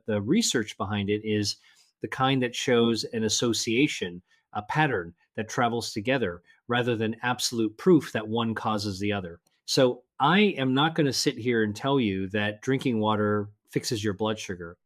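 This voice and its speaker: Older man, mid-pitched voice, earnest, measured, scripted health narration, stresses key words. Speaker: health presenter.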